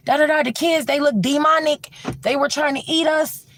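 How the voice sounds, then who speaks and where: A storyteller voicing a panicked young man, talking fast and high in a frantic way. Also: fairly even intonation, fairly bright tone, a little hiss or hum. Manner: frantic, cursing.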